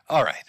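A man's voice: bright, forceful tone, no room sound. A man hosting a live stream, giving sarcastic, mocking commentary and laughing often. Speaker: streamer host.

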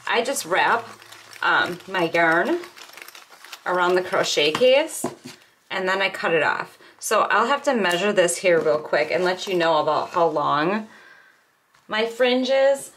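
A woman's voice: fairly low pitch, unhurried, slight background noise. A middle-aged woman hosting a crochet tutorial, talking casually and step by step while she works with her hands at home. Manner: chatty and relaxed, talks while working with her hands. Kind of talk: casual step-by-step craft demonstration.

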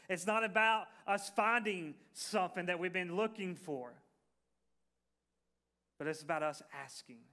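Bright-voiced man preaching casually. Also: sits high. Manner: conversational preaching with fillers, restarts and folksy phrasing. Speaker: pastor. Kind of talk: sermon.

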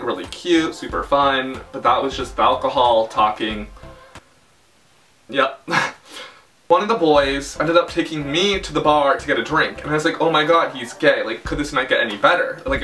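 A man's voice: fairly high pitch, sharp tone, distant mic. A young man telling a dramatic storytime in a chatty way, full of filler words. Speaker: vlogger. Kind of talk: casual storytime.

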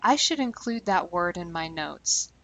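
A woman language teacher giving scripted instructional narration, speaking clearly and slowing down deliberately on key terms. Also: fairly low pitch, lively intonation, pushed and bright, rough recording.

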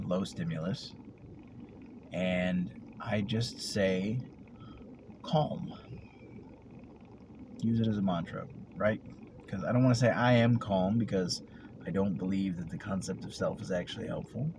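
Male vlogger, low register, meandering and reflective, trailing off quietly; noisy recording with traffic behind. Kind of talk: rambling personal vlog. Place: at work, vehicle sounds around.

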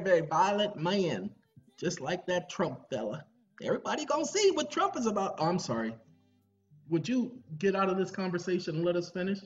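A tired man hosting a video, talking in a rambling, joking monologue. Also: medium pitch. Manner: rambling, joking, drawling, breaks into song. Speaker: video host. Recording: dull lo-fi recording with faint music.

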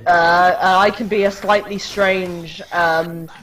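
A woman's voice: fairly low pitch, fairly even intonation, slow, rough recording. A woman chatting casually and swearing while playing a zombie shooter with friends. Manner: swears and shouts during play. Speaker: gamer. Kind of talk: casual gameplay chat while drinking. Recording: loud game gunfire behind.

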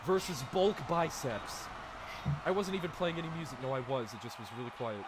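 A young man hosting a live stream, calling the action in a loud, excitable way and laughing often. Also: mid-range voice, racing, noisy background. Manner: yells and laughs at big moves, then mumbles when fixing slides. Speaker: stream host and commentator.

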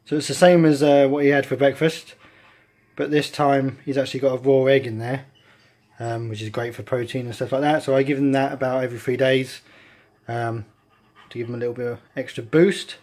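Seorang pria beraksen Inggris bercerita santai sambil merawat dan melatih anjingnya di rumah. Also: male voice, mid-range voice, level tone, brisk, darkish tone. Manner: chatty, coaxing the dog with short commands. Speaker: vlogger and dog owner. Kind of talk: casual vlog narration. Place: at home with a dog. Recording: faint background noise.

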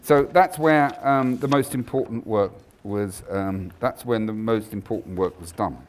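A man giving a scientific lecture, emphatic and animated, with frequent ums and restarts. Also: medium pitch. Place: lecture hall.

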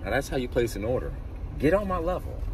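A man vlogging from inside his car, ranting with animated outbursts and talking into a phone he holds in his hand. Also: medium pitch, fast, recorded from a distance, background noise. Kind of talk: casual car vlog chat. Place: inside a car at a drive-thru. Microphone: phone held in hand.

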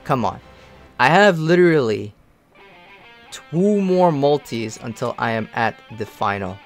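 Lively slang-heavy young gamer guy. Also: medium pitch, measured pace, faint music behind. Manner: excitable, slangy, grumbling at bad luck. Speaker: mobile game streamer. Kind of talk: casual gaming commentary.

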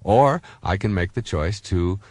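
A man's voice: low voice, expressive, measured pace, darkish tone, no room sound. A man in his fifties, a self-help author, giving a conversational motivational talk full of personal stories, with many fillers and restarts.

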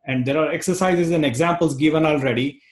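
A man's voice: on the high side, fast talker. Reassuring male tech instructor, echoey room. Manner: reassuring, explains step by step with restarts. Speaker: course instructor. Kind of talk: explaining a tech course to learners.

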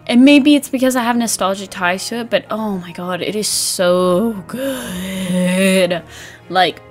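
A young woman vlogger chatting casually about a game, bubbly and animated, laughing often and acting out her old reactions. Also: mid-range voice. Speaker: gaming vlogger. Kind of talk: casual chat.

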